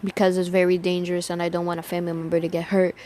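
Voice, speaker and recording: A woman puts on a strict, protective male mafia boss, voiced with hardly any change from her ordinary speech. The lines come out flat and matter-of-fact, with no real character voice, the way someone quotes a character while telling a fan story aloud. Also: lowish voice, rapid-fire, a little hiss or hum, close to an everyday voice. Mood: stern.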